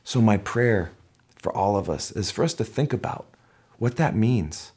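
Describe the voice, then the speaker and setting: A middle-aged man preaching a sermon and telling a story. His voice sits a little low, but it jumps up into loud shouts whenever he acts out the cheering crowd. The storytelling is animated and full of momentum. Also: unhurried, slightly rough. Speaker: pastor.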